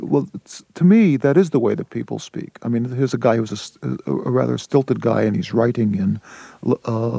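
A man, a playwright and translator, answering a radio interview in a halting way with many restarts. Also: medium pitch, vocal fry, mellow, husky, no room sound.

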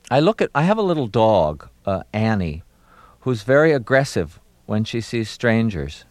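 A middle-aged man from Maryland, an actor being interviewed, talking reflectively with many pauses and fillers and a wry touch. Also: on the low side, dry recording. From Maryland, USA.

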